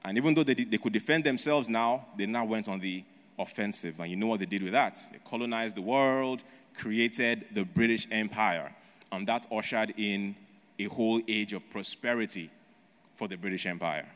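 A man's voice: lowish voice, normal speed, a bit bright. A male preacher who tells history as a story in his sermon, tossing in rhetorical questions and a repeated "right?". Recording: long echo of a large hall.

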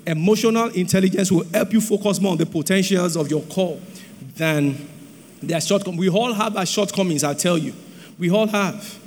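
A man preaching a sermon on marriage, animated and sing-song, breaking into shouts. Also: sits high, normal speed. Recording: long hall reverb.

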